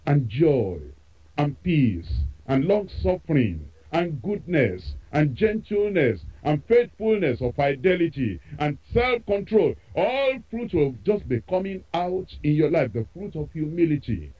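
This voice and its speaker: A man's voice: fairly high pitch, big pitch swings, unhurried, slightly rough, dull audio. A man preaching a sermon, emphatic and repeating phrases for effect.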